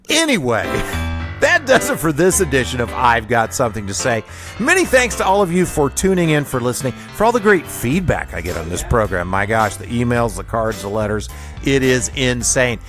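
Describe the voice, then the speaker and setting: Lively, chuckling male radio host. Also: medium pitch, moderate pace, no room sound, soft background music. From Kansas City area, USA. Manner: animated, chuckling storyteller. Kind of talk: solo storytelling monologue.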